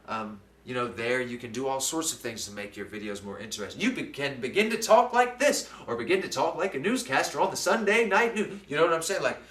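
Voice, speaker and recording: A man's voice: mid-range voice, fairly bright tone. A man hosting his own channel, musing in a loose, rambling monologue and often asking if you follow him. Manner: rambling, keeps asking "you know what I'm saying?". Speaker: channel host. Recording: roomy, distant mic, faint background noise.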